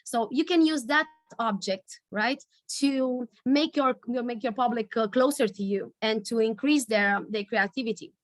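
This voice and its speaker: A woman leading a storytelling workshop over a video call, searching for words with many pauses and fillers. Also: fairly high pitch, no echo, studio quality. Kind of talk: online workshop teaching.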